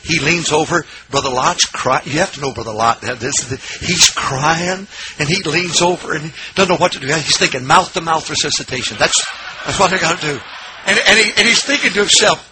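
Preacher guy in a sermon, kinda high voice, gets loud and animated, noisy radio sound. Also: fairly quick. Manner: animated, acts out quotes with big swings in pitch and volume. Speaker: pastor. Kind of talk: sermon with storytelling.

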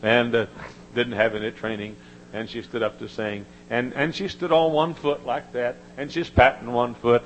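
An older man preaching a sermon, telling folksy stories and climbing into high, emotional quoted voices. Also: steady tone, moderate pace, lo-fi sound, a little hiss or hum.

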